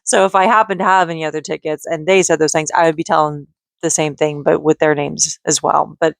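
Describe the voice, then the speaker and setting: A woman's voice: low-pitched, fairly even intonation, brisk, creaky, dry recording, studio quality. Exhausted woman rambling to camera. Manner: rambling, many restarts and laughs. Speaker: vlogger. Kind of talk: emotional personal vlog talk.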